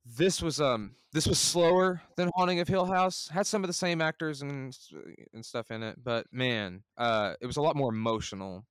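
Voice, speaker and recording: A man in casual podcast chat, gushing as an excitable fan with many "like"s. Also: medium pitch, normal speed, hardly any pauses, clean tone, no echo, clean studio sound. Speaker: podcast co-host.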